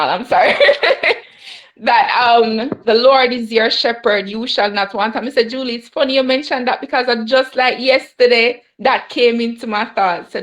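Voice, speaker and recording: A woman's voice: on the high side, fairly bright tone. A young woman with a Jamaican accent, sharing an emotional personal testimony at a Bible study and mixing patois with English. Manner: mixes Jamaican patois with English, laughs often.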